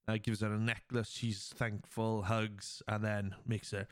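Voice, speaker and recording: Brief: male podcast host, casual rambling plot recap, smooth clear voice, dry close sound. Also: on the low side, flat delivery, unhurried, dry recording. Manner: rambling, heavy with fillers; acts out quoted lines.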